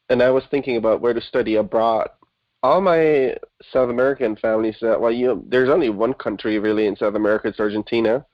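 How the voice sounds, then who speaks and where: A man's voice: medium pitch, no room sound, highs cut off. Man from Germany, chatty guest. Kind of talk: casual interview conversation.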